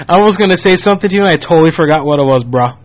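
Joking radio host, muffled sound. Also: male voice, high-pitched, expressive, fast talker. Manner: rambling, joking, mimics callers. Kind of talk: casual radio banter.

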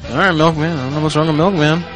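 A man's voice: fairly high pitch, steady tone, very fast, music in the background, poor audio. A man hosting a podcast in casual chat, crude and joking, swearing freely. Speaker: podcast host.

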